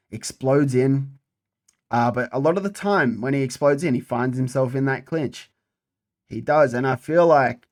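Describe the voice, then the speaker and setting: A young man giving a casual, profane breakdown of upcoming fights, repeating himself for emphasis. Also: mid-range voice. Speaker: MMA fight predictor.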